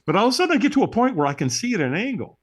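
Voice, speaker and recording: Animated man telling a dramatic story. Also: sits high, very fast. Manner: animated, dramatic storyteller who acts out the moments; checks in with tag questions like "right?". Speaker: interview guest. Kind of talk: storytelling in a podcast interview.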